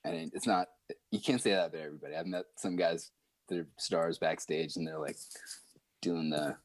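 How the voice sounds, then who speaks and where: A man guesting on a podcast, telling stories in a chatty, animated way with lots of fillers. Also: low-pitched, a little fast, no echo. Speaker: guest musician. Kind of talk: casual podcast storytelling.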